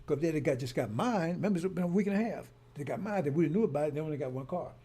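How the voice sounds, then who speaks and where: A man telling a long story in a rambling way, circling back and repeating himself, then turning heated. His voice is gravelly and husky, with a dark, mellow tone. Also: fairly high pitch, animated, very fast. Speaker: broadcaster. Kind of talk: casual monologue.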